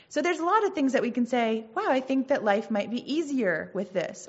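A woman's voice: mid-range voice, highs cut off. A woman giving an earnest, conversational Christian teaching, with casual asides between points. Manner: earnest, conversational, reads scripture aloud.

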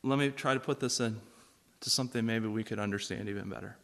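A man preaching a sermon, reading scripture and asking the congregation questions in an animated way. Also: fairly low pitch, quick pace. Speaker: pastor.

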